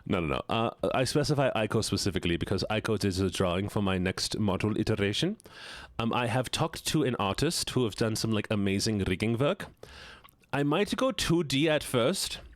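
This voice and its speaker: A playful man chats with his stream audience while he plays, joking and laughing easily. His pitch swings all over the place as he talks. The sound is close and dry, with no room echo. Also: expressive, fairly quick. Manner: playful and joking, laughs often, teases chat. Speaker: live streamer. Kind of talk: casual live-stream chat while gaming.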